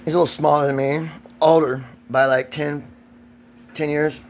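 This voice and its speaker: A man's voice: a little high, little pitch movement, moderate pace, slight background noise. A man, ranting in a profane, agitated and rambling vlog monologue recorded outdoors. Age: 40s.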